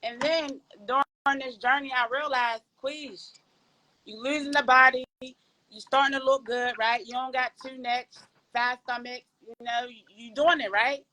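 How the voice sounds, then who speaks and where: A woman from Pittsburgh, Pennsylvania, speaks with a Pittsburgh accent in a high-pitched voice at a measured pace, over poor audio. As a podcast guest she chats casually and animatedly about her experience, addressing listeners directly as "y'all" in a folksy testimonial.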